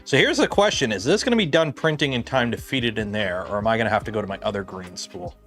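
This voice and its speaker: Fast and expressive, a Canadian man with a fairly low, slightly bright voice hosts a casual livestream while working at his bench. His talk rambles, with many "like"s and "uh"s, over soft background music.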